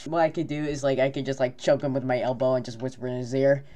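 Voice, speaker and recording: A man co-hosting a casual podcast, telling a rambling, animated story and laughing often. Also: mid-range voice, fast, hardly any pauses. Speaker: podcast co-host.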